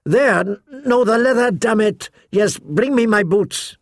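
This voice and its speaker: A man reading as a sardonic dwarf lord from a fantasy story, his voice raised and gravelly with a dry, close sound. He is quick with wit and barks orders when rushed. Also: high voice, expressive, no echo, pitched above the performer's own voice. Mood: impatient. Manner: dry, barking, impatient. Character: sardonic dwarf lord, sharp-tongued and commanding.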